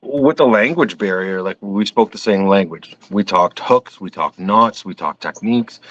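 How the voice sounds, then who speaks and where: A man's voice: lowish voice, normal speed. A man from Canada, a guest on a show, chatting casually and acting out the voices in his stories. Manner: animated storyteller, acts out voices. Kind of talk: casual chat. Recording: dull dry call audio.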